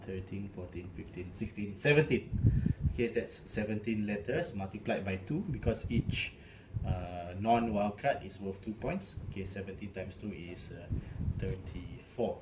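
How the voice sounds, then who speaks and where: A man's voice: on the low side, moderate pace, heavy background noise. A man demonstrating a word game casually, saying okay often and counting points aloud.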